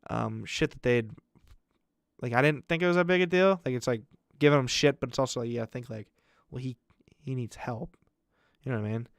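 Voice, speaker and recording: A young man chatting on a podcast with friends, spinning a long family story. He rambles with fillers and casual swearing. His voice sits at a mid pitch, recorded close and dry. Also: a little fast, gravelly, no echo. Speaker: podcast co-host. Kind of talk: casual chat.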